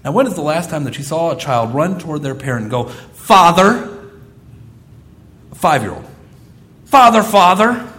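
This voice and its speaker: Animated high-voiced male pastor. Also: quick pace, hardly any pauses. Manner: animated storytelling, acting out quoted voices. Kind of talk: sermon.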